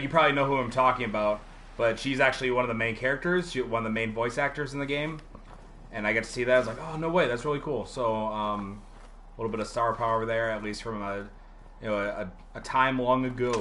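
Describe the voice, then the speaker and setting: A man's voice: mid-range voice, fairly bright tone. Chatty rambling male game streamer. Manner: rambling, chatty, lots of fillers, answers chat. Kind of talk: casual live-stream commentary.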